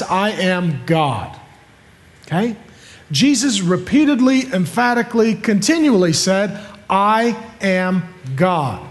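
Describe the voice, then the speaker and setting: A man preaching a sermon as a pastor, emphatic and repeating his points with rhetorical questions. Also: sits high.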